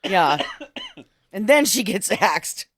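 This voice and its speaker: A co-host pokes sarcastic fun at a film's characters in a casual chat. The voice sits at a middle pitch, and the sound is dry and close. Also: big pitch swings, slow pace, a bit bright, no room sound. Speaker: podcast co-host. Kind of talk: casual comedic movie review chat.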